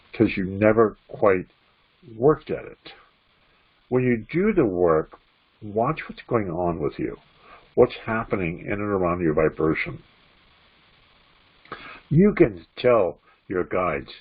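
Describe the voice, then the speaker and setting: A low-voiced man with a husky tone teaches spiritual practice in a loose, conversational way, repeating himself and acting out inner voices. The audio sounds thin and phone-like. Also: expressive, unhurried. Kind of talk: informal spiritual teaching talk.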